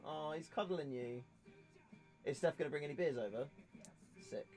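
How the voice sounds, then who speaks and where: A man's voice: fairly high pitch, normal speed, darkish tone. A young man hosting a casual livestream, chatting and joking in a rambling way. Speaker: livestream host. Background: faint music.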